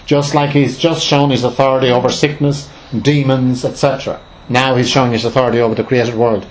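Heard on a low-quality recording, a man with a fairly high-pitched voice reads scripture at an informal Bible study. His explanations are conversational and emphatic, full of fillers and restarts.

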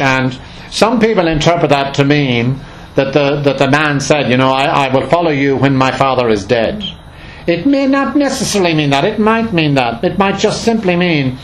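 In a low-quality recording with a little hiss or hum, a man with a fairly high voice leads an informal Bible study. He reads scripture aloud and explains it conversationally and emphatically, with many fillers and restarts.

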